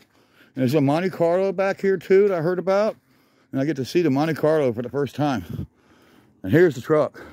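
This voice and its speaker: A man with a fairly high voice narrates as he walks outdoors through a junkyard, holding his camera. He rambles with enthusiasm, calling out vehicles as he passes, and sounds a little out of breath. The sound is dry and close, with no room echo. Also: darkish tone. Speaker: vlogger. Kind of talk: casual walk-around commentary.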